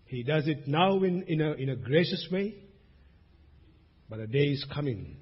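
A man preaching a sermon as pastor, swinging between loud emphasis and hushed asides. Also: on the high side, very animated, slow pace, long pauses, breathy edge. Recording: dull recording with long hall reverb.

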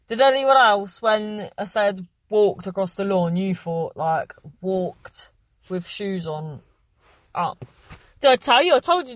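A woman's voice: mid-range voice, no echo. Lady podcaster reading listener messages, giggly and rambly, dry mic. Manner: chatty, rambling, self-correcting, giggly. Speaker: podcast host.

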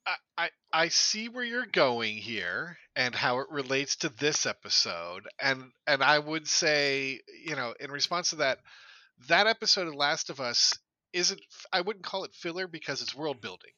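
A man co-hosting a podcast, chatting casually in a reflective, measured way with some stammered starts. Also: fairly high pitch, animated, pushed and bright, no room sound, low-quality recording. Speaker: podcast co-host.

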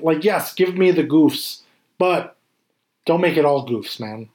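Casual male talker, fairly high voice, animated and profane. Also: unhurried. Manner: animated, swears freely, acts out scenes. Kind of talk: casual chat.

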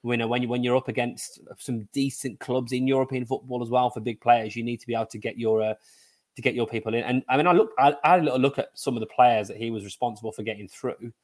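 A man's voice: medium pitch, fast. Chatty middle-aged man. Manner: animated, jokey, puts on silly foreign-player voices. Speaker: podcast co-host. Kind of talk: casual football chat.

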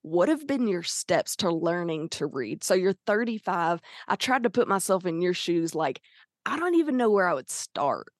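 A woman's voice: lowish voice, big pitch swings, moderate pace, no room sound, studio quality. A woman interviewing a guest in a chatty, casual way, with frequent fillers.

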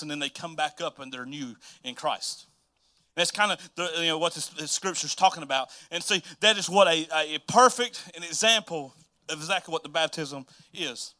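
Upbeat pastor with bright voice. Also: male voice, a little high, moderate pace. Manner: casual and chatty, repeats phrases for emphasis. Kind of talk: sermon.

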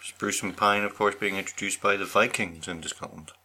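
A man's voice: on the low side, fairly even intonation, a little fast, pushed and bright. A man co-hosting a podcast in casual chat, wry and jokey, often trailing into laughs. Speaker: podcast co-host.

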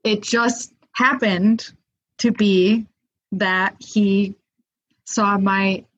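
A woman chatting as a podcast guest, telling a tale in an easygoing, animated way. She sprinkles in fillers and acts out quotes as she goes. The sound is slightly dull, like a lo-fi recording. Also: mid-range voice, extremely slow. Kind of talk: casual storytelling. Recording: muffled lo-fi audio.

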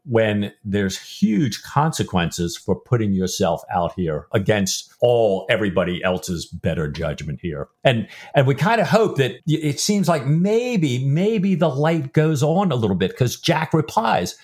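A man's voice: medium pitch, sing-song, measured pace, hardly any pauses, darkish tone, husky. A middle-aged man co-hosting a podcast about a novel. He talks in a loose, rambling way, full of restarts and asides. When he reads passages aloud, he gives them real feeling. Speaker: podcast co-host. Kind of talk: casual book-discussion chat.

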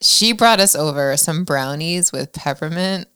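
A woman's voice: low-pitched, measured pace, pushed and bright, smooth, no echo, clean studio sound. A woman co-hosting a podcast in casual, playful chat, laughing and teasing her partner. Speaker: podcast co-host.

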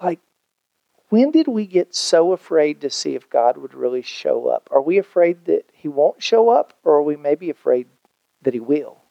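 A pastor preaching with easy humor, his voice sitting a bit higher than most men's. He jumps between chatty asides and acted-out quotes. The sound is dry and close, with no room echo. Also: moderate pace, gravelly, dull audio. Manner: animated, conversational preaching with jokes and acted-out quotes. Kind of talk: sermon.

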